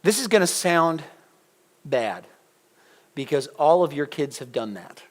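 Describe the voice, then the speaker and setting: A middle-aged man preaching a sermon in a church, conversational and animated, putting questions to the congregation. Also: on the high side, measured pace. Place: church sanctuary.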